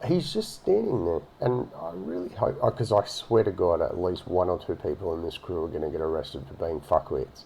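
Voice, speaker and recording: A man's voice: low-pitched, expressive, brisk, gravelly, hardly any pauses, mellow, slightly rough. A man giving sarcastic, swear-filled commentary while reacting to a video. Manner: sarcastic, swears freely, mocking asides. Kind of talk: casual profane commentary over a video.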